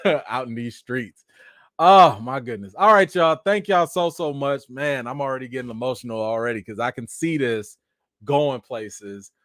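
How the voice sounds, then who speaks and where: A man hosting a casual live-stream chat, thanking viewers and reacting to news, animated and excitable. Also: a little slow, no room sound, studio quality. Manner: animated, jumps high when excited, addresses chat directly.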